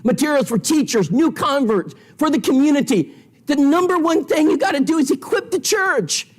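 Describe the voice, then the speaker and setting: A man's voice: very high voice, expressive, moderate pace. A man teaching an evangelism seminar in a church, telling stories with quoted dialogue in an emphatic way. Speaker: preacher.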